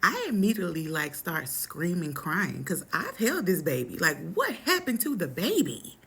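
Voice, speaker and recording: A young adult woman telling a personal story in a casual, animated, dramatic way, full of slang. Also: lowish voice, normal speed, breathy edge.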